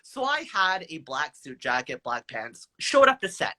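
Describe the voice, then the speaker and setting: A man in his twenties, a guest telling stories in a live video chat with high energy and a playful, self-mocking manner. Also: very animated, moderate pace, bright, forceful tone.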